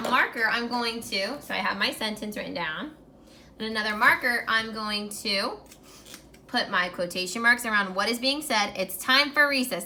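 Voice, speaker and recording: Bright-voiced woman teaching grammar. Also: fairly high pitch, a little hiss or hum. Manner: clear, encouraging, speaks slowly while writing on a whiteboard. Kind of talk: recorded grammar lesson for young students.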